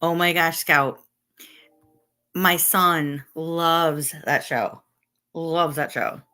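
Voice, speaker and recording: A woman's voice: sits low, very slow, sharp tone, soft background music. Chatty woman hosting a live stream. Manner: chatty, greets viewers by name, laughs often. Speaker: livestream host. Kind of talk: casual live chat.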